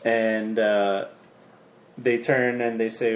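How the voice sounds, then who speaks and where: Slow, halting male game master. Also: on the low side, level tone, echoey room. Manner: slow, halting, many fillers. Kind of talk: narrating a tabletop game.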